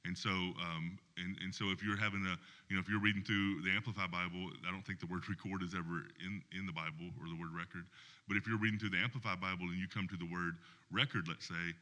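A low-voiced man talks fast as a pastor on a church panel. His tone has a bright, forward edge, and he keeps checking in with the listener. The sound carries the long reverb of a large hall. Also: fairly even intonation. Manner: explains with many "right?" checks.

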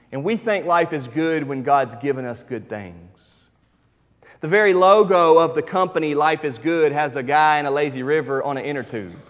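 A man in his thirties preaching a sermon in a conversational, storytelling manner with emphatic stretches. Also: fairly high pitch. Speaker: pastor. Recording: reverberant hall.

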